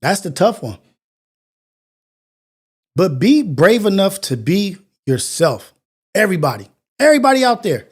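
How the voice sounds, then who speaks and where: High-voiced man preaching on a morning show. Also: big pitch swings, a little slow, pauses often, breathy edge. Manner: earnest, preachy, repetitive phrasing. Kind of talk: motivational monologue.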